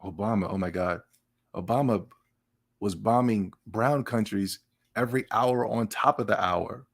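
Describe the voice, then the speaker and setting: A man's voice: fairly low pitch, a little slow, creaky. A man hosting a podcast, giving casual gaming news commentary in a sarcastic, emphatic rant with laughs between remarks. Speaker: podcast host.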